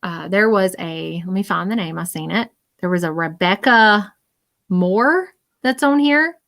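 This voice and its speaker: A woman's voice: mid-range voice, expressive, unhurried, vocal fry, fairly bright tone. Rambling woman giving a live psychic reading. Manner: rambling, filled with "um" and "you know"; speaks to viewers directly and reassuringly. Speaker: psychic medium.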